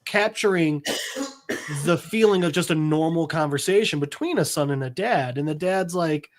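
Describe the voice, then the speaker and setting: A man in his thirties chats casually on a podcast as he retells a comic book. He slips into quick voices for each character and laughs often, keeping it loose and conversational. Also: on the high side, expressive. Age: 30s. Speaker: podcast co-host.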